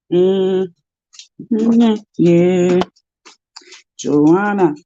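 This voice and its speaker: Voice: medium pitch, takes it slowly, gravelly, pauses often, mellow, slight background noise. A host chatting casually with livestream viewers, talking to the viewers and to pets along the way. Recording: dull lo-fi sound.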